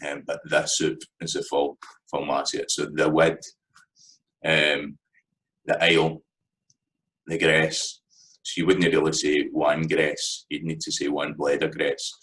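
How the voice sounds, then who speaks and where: A man with a Scottish accent giving a casual spoken lesson, chatty and thinking aloud with frequent pauses. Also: extremely low pitch, completely flat delivery, a bit bright, low-quality recording. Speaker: language teacher.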